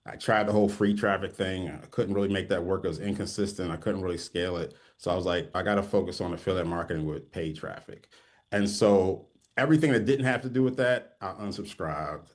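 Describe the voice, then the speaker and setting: A middle-aged man telling his own story to camera in a conversational way, often tagging points with "okay?". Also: deep voice. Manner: conversational, keeps adding "okay?" at ends of points. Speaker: online marketing teacher. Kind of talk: personal story told to camera.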